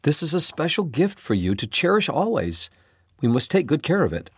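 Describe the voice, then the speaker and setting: A man voicing a gentle, worried mother in a storybook reading, speaking softly and earnestly, a little above his own pitch. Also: big pitch swings, normal speed, breathy edge, no echo, clean studio sound, full character voice.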